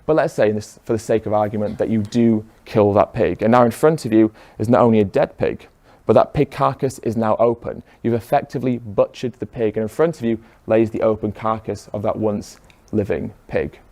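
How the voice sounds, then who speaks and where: A man's voice: fairly low pitch, steady tone, brisk, darkish tone. Earnest man giving a persuasive speech. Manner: rhetorical questions, earnest and pressing. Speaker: speaker. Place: room with a live audience.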